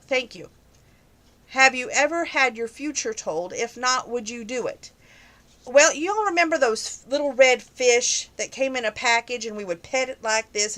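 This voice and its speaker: A woman's voice: on the high side, bright, forceful tone. A young woman answering viewer questions in a casual, opinionated chat that grows heated on some topics.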